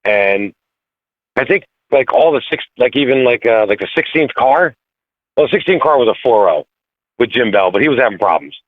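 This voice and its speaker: A man calling in as a guest racer, talking in halting, filler-heavy bursts over the phone. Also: medium pitch, animated, no echo. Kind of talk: casual phone interview. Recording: tinny phone line, dry.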